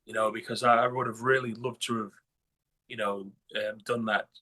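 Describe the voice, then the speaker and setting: A man's voice: lowish voice, flat delivery, normal speed, sharp tone. A man from northern England talking bluntly in a casual interview, swearing a lot and restarting his sentences. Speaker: guest musician.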